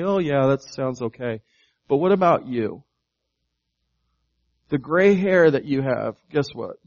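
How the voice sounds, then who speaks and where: A man's voice: a little high, darkish tone, lo-fi sound. Man preaching a conversational sermon. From United States. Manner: conversational preaching, asks the congregation questions, repeats words. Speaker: pastor.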